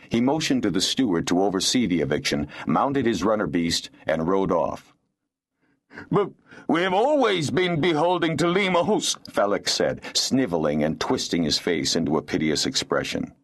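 Man, very low voice, lively intonation, expressive audiobook narration. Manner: expressive storytelling. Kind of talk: scripted narration.

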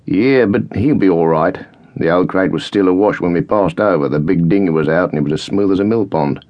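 A man reading an audiobook, voicing a burly, gruff Australian squadron leader with a blunt, growling manner, on a dull lo-fi recording. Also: low voice, fairly quick, voice pushed up, natural voice.

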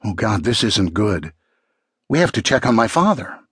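Frantic scared woman in an audiobook, narrator guy doing her, raised husky voice, dry and close. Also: lowish voice, sing-song, normal speed, fairly bright tone, no echo, full character voice. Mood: worried. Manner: anxious, urgent. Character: frightened young woman in a disaster.

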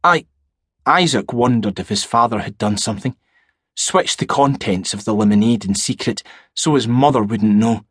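Male narrator, husky, measured horror storytelling, dry booth. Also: lowish voice, a bit bright, no echo. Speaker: audiobook narrator.

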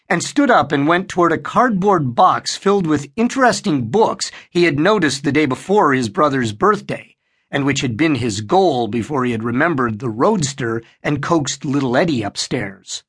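A man narrating a horror audiobook in an expressive storytelling style. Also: fairly high pitch, moderate pace, husky. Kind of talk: scripted narration.

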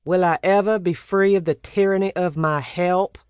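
A woman voicing a teasing, wry older gentleman who plays the uncle. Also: lowish voice, steady tone, moderate pace, smooth, no echo, voice pushed up, lightly acted.

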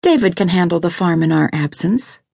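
A woman's voice: on the low side, lively intonation, brisk, vocal fry, darkish tone, no echo, studio quality. A woman voicing an earnest young wife who pleads through tears, her voice raised and urgent. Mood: pleading.

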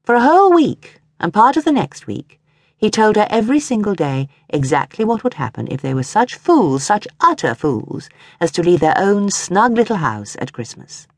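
Here an audiobook narrator, a woman, gives scripted narration of a short story with expressive storytelling. She speaks at medium pitch and normal speed, in clean studio sound with no echo.

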